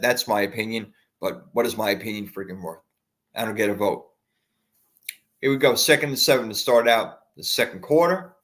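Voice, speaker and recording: A man calls a football game for his podcast audience, mixing play-by-play with casual opinion and open rooting for one side. His voice sits at an ordinary middle pitch. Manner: excited, fan-partisan calling with casual asides. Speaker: podcast host doing play-by-play. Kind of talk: amateur play-by-play commentary.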